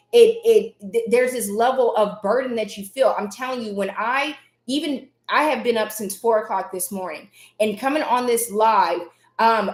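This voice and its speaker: A woman's voice: fairly high pitch, echoey room. Emphatic woman hosting a motivational live stream. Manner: emphatic, repeats key phrases, reads chat names aloud.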